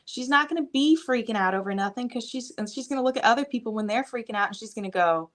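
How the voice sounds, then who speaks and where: A woman's voice: a little high, fast. A young adult woman talking casually as a podcast guest, rambling with many fillers. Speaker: guest, fitness coach and mother.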